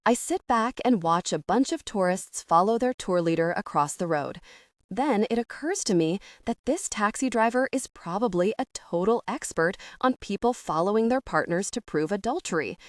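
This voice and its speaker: A woman narrating a first-person comedy audiobook in an expressive, anxious way. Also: mid-range voice, moderate pace, dry recording, clean studio sound.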